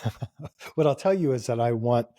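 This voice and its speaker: A man's voice: medium pitch, lively intonation, normal speed, mellow. A middle-aged man, a company founder, speaking as a guest in a conversational interview, telling stories with energy and emphasis.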